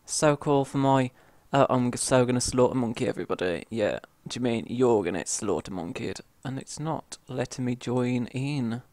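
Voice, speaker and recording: A man's voice: medium pitch, normal speed, hardly any pauses, no room sound. A man from the UK with a British accent, commenting on his own gameplay and yelping and grumbling at the game. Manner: excitable, yelps and grumbles at the game. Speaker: gamer. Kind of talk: let's play commentary.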